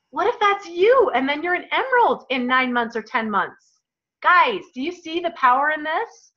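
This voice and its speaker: A woman's voice: high-pitched, lively intonation, measured pace, sharp tone. A woman in her thirties leading a team call, giving an emphatic, emotional motivational talk. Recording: dull lo-fi call audio.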